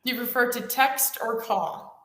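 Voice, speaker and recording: Woman firing off quick quiz questions. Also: fairly high pitch, a bit bright, roomy sound, a little hiss or hum. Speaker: co-host running a quiz round. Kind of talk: casual quick-fire questions.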